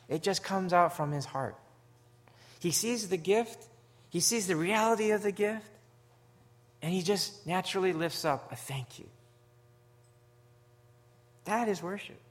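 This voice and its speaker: A man from Canada preaching a sermon, earnest and story-driven, swinging from hushed, low moments to loud, emphatic ones. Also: expressive, normal speed, long pauses. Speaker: pastor.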